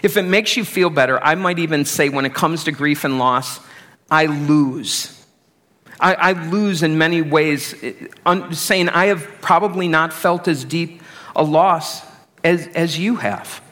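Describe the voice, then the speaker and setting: A man's voice: a little high, unhurried, bright, forceful tone. A middle-aged man preaching a sermon as pastor, conversational and self-deprecating.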